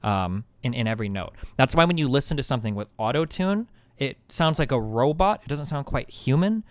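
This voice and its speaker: A man's voice: medium pitch, lively intonation, fairly quick, no echo. A man casually explaining something on a live stream, rambling, searching for words and restarting his sentences often.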